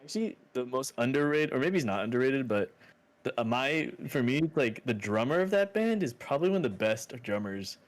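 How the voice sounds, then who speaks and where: Young guy cohosting a podcast, average pitch, chill and rambly. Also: expressive, a little fast. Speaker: podcast co-host. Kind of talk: casual chat.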